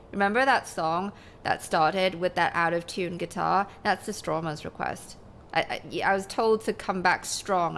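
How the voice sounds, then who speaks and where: Woman streamer, gravelly fry in her voice, rambling live-stream chat, casual swearing, home setup. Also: fairly low pitch, fairly bright tone, a little hiss or hum. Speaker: game streamer.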